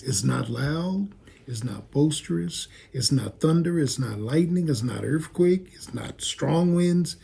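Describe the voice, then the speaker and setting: A man preaching a sermon at a midweek Bible study, swinging between raised, rhythmic preaching and a hushed near-whisper. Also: a little high, lively intonation, measured pace, creaky, breathy edge. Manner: repetitive, rhythmic phrasing. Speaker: pastor.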